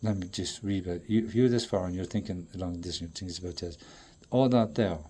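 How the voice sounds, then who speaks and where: A man in a rambling, profane monologue that swings between loud outbursts and low mutters. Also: fairly quick, husky.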